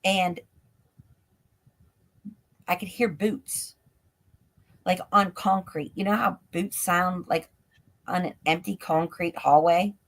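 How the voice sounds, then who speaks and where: A woman's voice: fairly low pitch, fairly even intonation, takes it slowly, pauses often. A woman, a guest on a live stream, telling a story in a breathless run-on way that is full of "like". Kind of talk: storytelling in an interview. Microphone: stream call mic.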